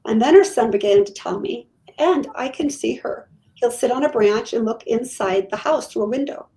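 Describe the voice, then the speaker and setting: A middle-aged woman, a psychic medium guest, telling her stories in an animated, casual way and acting out the quotes. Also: a little high, moderate pace, low-quality recording. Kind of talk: casual storytelling in an interview.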